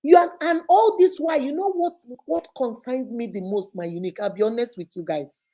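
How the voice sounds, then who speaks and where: Hosting an advice show, a woman lectures her listeners in a lively, preachy manner, firing off rhetorical question after rhetorical question. Her slightly high voice is warm and mellow, and she speaks briskly in this casual advice commentary.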